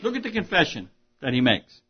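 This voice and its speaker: Man, pastor, sermon, husky voice, earnest, hushed to emphatic, dull lo-fi sound. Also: a little high, huge pitch swings, fairly quick.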